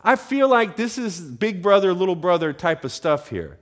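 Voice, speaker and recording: Brief: animated male preacher, somewhat high voice that swings widely. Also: normal speed. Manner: animated, rising to emphatic questions. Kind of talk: sermon. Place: church.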